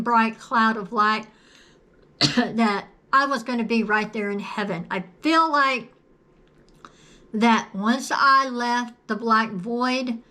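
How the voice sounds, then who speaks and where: A woman speaks straight to her viewers, telling her story slowly and earnestly. Her voice sits a little high and sounds bright and clear. She leans on repeated phrases for emphasis, with a cough now and then. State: coughing at times. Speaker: video creator sharing a personal story. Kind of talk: personal testimony to camera.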